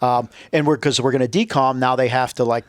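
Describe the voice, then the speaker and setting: A man's voice: medium pitch, fairly even intonation, fairly quick, no echo. A man telling a long, profane story in a casual interview, acting out the people he quotes. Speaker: podcast guest, retired Navy SEAL.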